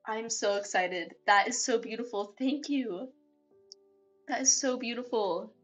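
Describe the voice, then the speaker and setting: A woman live streamer chatting casually with her viewers, excitable and gushing, often repeating herself. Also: a little high, unhurried, soft background music.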